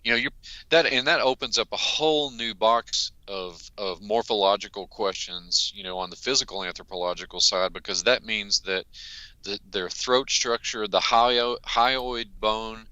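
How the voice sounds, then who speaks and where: A man's voice: on the low side, moderate pace, bright, forceful tone, clear, resonant tone, no echo, highs cut off. A man answering as a guest researcher, hesitant and earnest with many fillers. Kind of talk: interview answers.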